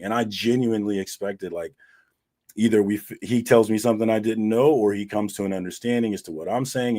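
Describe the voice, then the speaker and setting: A man hosting a casual online show, retelling an argument with a friend in a profane, animated way and quoting both sides. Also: deep voice, slightly rough. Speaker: host. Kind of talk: casual livestream storytelling.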